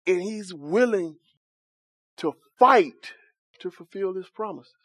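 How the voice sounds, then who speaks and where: A male preacher delivers a lively sermon, firing questions at his congregation and joking in folksy church vernacular. His voice sits high for a man. The sound is close and dry. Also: slow pace, dry recording. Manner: call-and-response with congregation, laughing, questioning.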